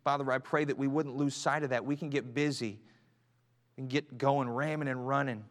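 A man in his thirties preaching a sermon in a church, building from quiet earnest talk to shouted fervor and back to soft prayer. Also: mid-range voice, fairly even intonation, normal speed. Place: church sanctuary. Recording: long church hall reverb.

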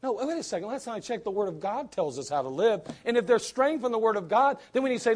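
A man's voice: high voice, expressive, quick pace, few pauses, darkish tone. A man preaching a sermon in a blunt, emphatic way, full of rhetorical questions.

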